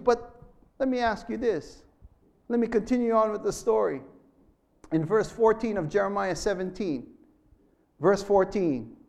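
A middle-aged pastor preaching with a high, light voice. He tells his story like a preacher, rising to loud proclamations and then dropping to quiet, close asides. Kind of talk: sermon.

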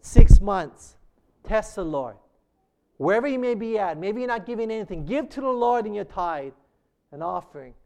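A man's voice: sits high, lively intonation, moderate pace, creaky, darkish tone. A man preaching a sermon as a pastor, emphatic and asking the congregation rhetorical questions.

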